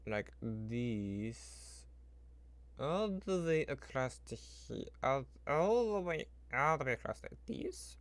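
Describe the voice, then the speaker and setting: Taking it slowly, a very animated man with a medium-pitched voice streams while putting together a spreadsheet. He thinks out loud casually, rambles, chats to his computer, and makes up small sound effects. There's no room sound, just keyboard typing and clicking.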